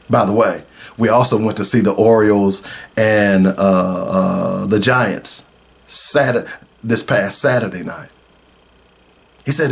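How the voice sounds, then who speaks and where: A middle-aged man, a radio host, telling a personal story in an earnest, emotional way. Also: fairly low pitch. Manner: emotional, earnest, slow in places.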